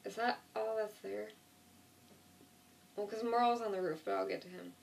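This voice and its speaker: A woman with a gravelly, mid-range voice and fairly even intonation retells a TV episode at normal speed. She rambles casually, corrects herself often, and fills gaps with "like." The mic is distant, with a little hiss or hum.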